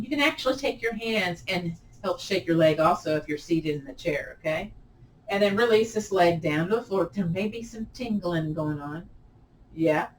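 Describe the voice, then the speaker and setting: A woman teaching a gentle yoga class, chatty and encouraging, often laughing at herself. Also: fairly low pitch, reverberant, far from the mic, slight background noise, rough recording. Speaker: yoga instructor.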